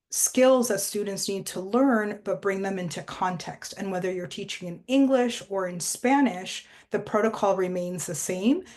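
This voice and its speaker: A woman presenting a teacher training workshop, explaining steps in a measured way with frequent fillers. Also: medium pitch, a little mellow.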